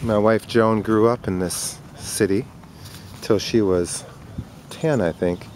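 A man narrating a casual home video outdoors in a riverside park, chatting in a rambling way and calling to his dog in a high voice, recorded on a handheld camcorder. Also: slow, a little mellow. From Minnesota. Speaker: dog owner filming outdoors. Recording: faint outdoor noise.

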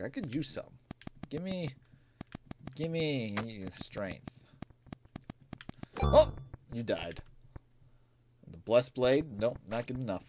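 A man commenting as he plays a video game, excitable and jokey, talking back to the characters on screen. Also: mid-range voice, slow pace, gravelly, long pauses, noisy background. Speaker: gaming video host. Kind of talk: let's play commentary. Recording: faint music behind.

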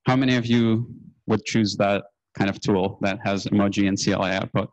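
A man giving a casual conference talk on stage, relaxed and anecdotal, with frequent ums and uhs. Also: on the low side, brisk, lo-fi sound. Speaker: conference speaker.

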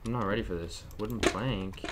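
Speaking briskly in a fairly low voice, a young man plays a horror game on stream and nervously chats with viewers. The recording is very noisy, and keyboard and mouse clicks can be heard behind him.

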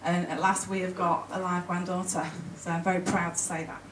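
Her voice is on the low side and her delivery flat, yet this conference speaker talks in an emotional, chatty way that keeps breaking off and restarting. A distant mic in the large hall picks up faint ambience and a slight hiss or hum.

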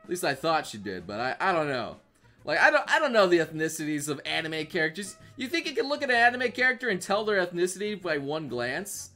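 An American man reacting on a livestream, his bright voice leaping up and down as he stammers, restarts and swears freely. Faint music plays under him. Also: on the high side, very animated, fairly quick. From United States. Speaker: streamer.

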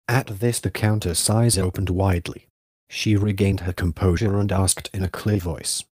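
Male audiobook narrator, low voice, dry close sound, measured literary reading. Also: a little mellow, no echo.

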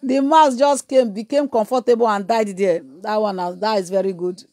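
A woman evangelist, preaching a sermon with emphatic repetition and moving into loud prayer and speaking in tongues. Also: mid-range voice, fairly even intonation, normal speed, no room sound, clean studio sound.

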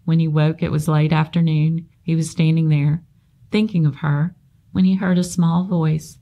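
A woman on library staff reading a children's novel aloud in a steady, measured narration. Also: sits low, vocal fry.

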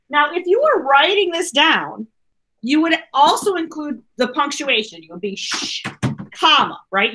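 A woman's voice: sits high, pushed and bright. A woman teacher giving a chatty grammar lesson to her class over a video call, saying okay a lot. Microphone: computer mic on a video call.

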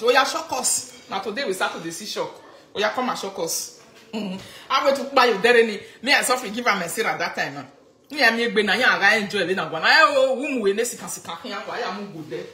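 A woman speaking Nigerian Pidgin, teasing and animated as she comments, laughing often. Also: medium pitch, roomy sound, a little hiss or hum. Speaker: vlogger. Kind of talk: casual commentary vlog.

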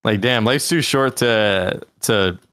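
A man's voice: fairly low pitch, slow pace, fairly bright tone, clean tone, dry recording, clean studio sound. A young man chatting casually while gaming on a stream, laid-back and joking, rambling with lots of "like".

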